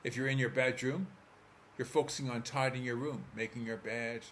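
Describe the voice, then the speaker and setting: Calm Irish man guiding a visualization. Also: medium pitch, normal speed, a little hiss or hum. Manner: calm, steady, coaching listener step by step. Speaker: therapist. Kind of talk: guided visualization talk.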